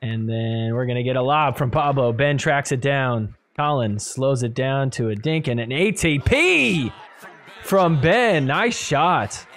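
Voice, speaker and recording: A man hosting a podcast, giving animated play-by-play commentary over match replays and laughing often. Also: mid-range voice, a little slow. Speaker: podcast host. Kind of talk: excited sports recap commentary.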